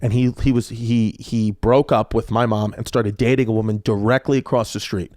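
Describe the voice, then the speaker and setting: Animated swearing man telling stories. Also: fairly low pitch, moderate pace, dry recording. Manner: animated, profane, loose with fillers. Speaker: comedian podcast guest. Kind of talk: casual storytelling.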